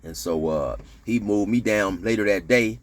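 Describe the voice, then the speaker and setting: A man casually telling a prison story to camera, animated, with slang and shouted sound effects. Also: fairly low pitch, normal speed. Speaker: storyteller recounting prison life.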